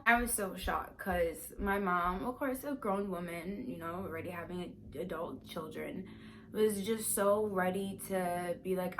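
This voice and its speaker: A young woman vlogger telling a personal story in a casual, animated, emphatic way. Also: on the low side, measured pace, slight background noise.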